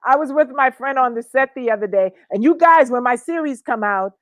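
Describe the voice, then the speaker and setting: A woman co-hosting a casual online talk show, lively and chatty, often talking over her co-host. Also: high-pitched, fairly quick, dry recording.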